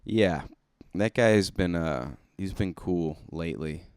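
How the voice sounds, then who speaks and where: Guy doing a solo comedy podcast, real low voice, super clean and dry sound, rambling and swearing at himself. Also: unhurried, a little mellow, clean tone, no room sound. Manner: rambling, self-deprecating and profane. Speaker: comedian hosting his own podcast. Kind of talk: casual solo podcast monologue. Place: alone, recording to himself.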